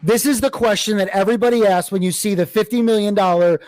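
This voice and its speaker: A man hosting an interview show who reasons aloud in a quick, conversational way, with restarts along the way. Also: high-pitched, darkish tone, no echo. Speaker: podcast host.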